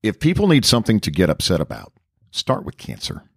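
A man co-hosting a radio show, teasing and joking in a wry, deadpan way during casual chat. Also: lowish voice, brisk, creaky, breathy edge, no echo, studio quality. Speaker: radio co-host.

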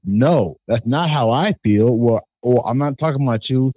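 A man's voice: mid-range voice, normal speed, slightly rough, no room sound. Earnest guy picking his words carefully, lots of ums, thin tinny phone-line sound, dry. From California. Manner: earnest, careful, hesitant with many fillers. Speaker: podcast guest, hunter. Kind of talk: casual podcast conversation.

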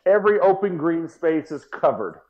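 Man, casual storytelling, former football player, acts out his reactions, slightly high voice, muffled lo-fi audio. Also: very animated, normal speed.

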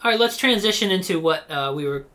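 Chill podcast guy, voice sits a bit high, rambles and chuckles a lot. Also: animated, fast, sharp tone. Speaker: podcast co-host. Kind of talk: casual chat.

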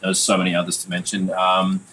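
A man's voice: deep voice, completely flat delivery, a little fast, sharp tone, slight background noise, low-quality recording. A man hosting a casual music review chat, loose and sweary with plenty of fillers. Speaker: podcast host and mixing engineer.

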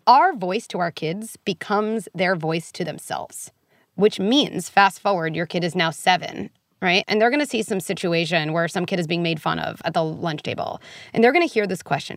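A woman's voice: on the low side, moderate pace, no room sound, clean studio sound. A woman psychologist, talking candidly and acting out what parents and kids might say. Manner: animated, candid, acts out quoted parents and kids. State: briefly tearful. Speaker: clinical psychologist, guest. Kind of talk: podcast conversation.

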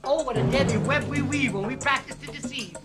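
A paranoid foul-mouthed ex-agent. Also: male voice, very high voice, a little fast, over loud music. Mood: jittery, tense. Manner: profane, jittery and rambling. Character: paranoid, foul-mouthed ex-agent man, middle-aged and unraveling. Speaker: film character. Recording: film clip with score.

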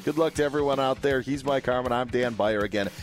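A man's voice: mid-range voice, fast, soft background music. Chatty man co-hosting a sports podcast. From Wisconsin. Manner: jokey, wraps up the show. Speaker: podcast co-host. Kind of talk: casual sports podcast chat.

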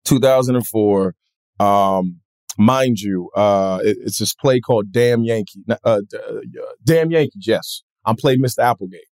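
A man being interviewed, telling stories in a relaxed, lively way and acting out other people's voices. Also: fairly low pitch, unhurried, dry recording, clean studio sound. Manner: animated, acts out voices in his stories. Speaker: comedian guest. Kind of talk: casual interview storytelling.

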